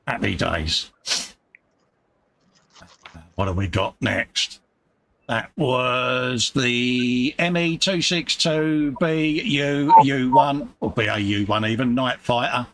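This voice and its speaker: A man's voice: medium pitch, slow pace, background noise. A man co-hosting a casual livestream, bantering and reading out viewer comments. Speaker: live stream co-host. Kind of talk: casual chat.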